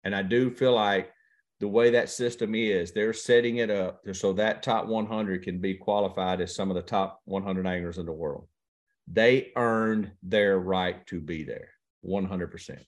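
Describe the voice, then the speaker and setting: A deep-voiced man talks a little slowly. The guest is a pro angler in his 50s, swapping stories during a laid-back interview chat with a drawl and a folksy storytelling style, often repeating what others said.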